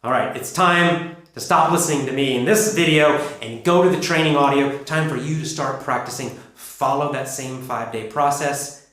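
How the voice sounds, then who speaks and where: A man with a North American accent teaching English pronunciation, speaking slowly and emphatically as he demonstrates rises and falls in pitch. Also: fairly bright tone. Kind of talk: spoken lesson to learners. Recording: very echoey room.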